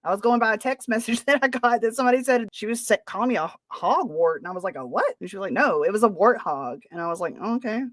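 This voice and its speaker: A woman's voice: mid-range voice, lively intonation, quick pace, few pauses, dry recording, studio quality. A woman hosting a podcast, talking casually in a sarcastic, defensive way. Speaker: podcast host. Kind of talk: casual chat.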